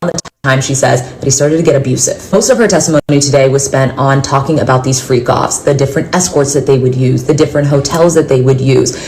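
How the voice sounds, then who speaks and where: A woman reporter recapping court testimony in a measured, matter-of-fact way. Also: a bass voice, a little mellow, slight background noise, low-quality recording. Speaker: news reporter. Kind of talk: scripted news report.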